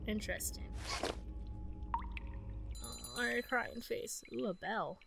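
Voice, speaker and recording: A young woman chatting through a game as host, reacting out loud to what she sees. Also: mid-range voice, fairly quick, gravelly, hardly any pauses, background noise. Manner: reactive, chatty, exclaims at surprises. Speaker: gaming video host. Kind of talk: let's play commentary.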